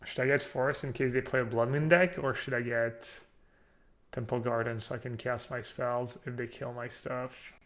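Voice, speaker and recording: A man streaming a card game, chatting casually and thinking out loud while poking fun at himself. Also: medium pitch, flat delivery, moderate pace. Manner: chatty, self-mocking, thinks aloud. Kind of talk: casual live-stream commentary.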